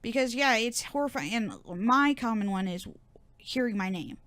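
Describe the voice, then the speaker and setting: A woman's voice: on the high side, animated, normal speed, crowd noise. A woman guesting on a podcast who talks in a blunt, matter-of-fact way and reads definitions aloud in casual chat.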